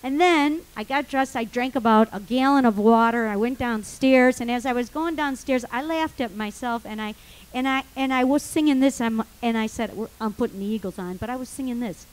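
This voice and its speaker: A woman with a notably high voice tells a comic personal story live on stage. She acts out her panic vividly, swinging between hushed asides and shouted cries for help. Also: a little fast, smooth, poor audio.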